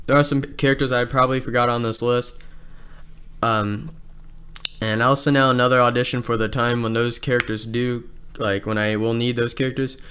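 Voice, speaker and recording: Rambling man with a smooth voice. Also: medium pitch, fairly bright tone. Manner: rambling, many fillers and restarts. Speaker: abridged series creator. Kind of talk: casual casting call.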